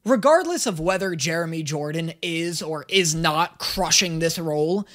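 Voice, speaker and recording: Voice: mid-range voice, lively intonation, a bit bright. Sarcastic, swearing reaction host. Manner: sarcastic, profane, quick asides. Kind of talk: casual reaction commentary.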